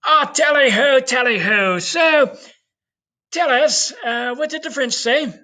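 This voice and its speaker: A man voicing a pompous upper-class English courtier in a high, plummy mock-posh voice, full of cheery stock phrases. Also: slow, pushed and bright, heavily acted. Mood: posh, dismissive.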